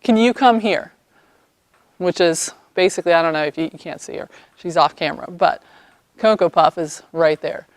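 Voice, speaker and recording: A woman equine therapy practitioner, an animated storyteller who acts out the people in her story, recorded outdoors by horses on a camera mic. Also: low-pitched, brisk, dry recording. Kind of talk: storytelling vlog.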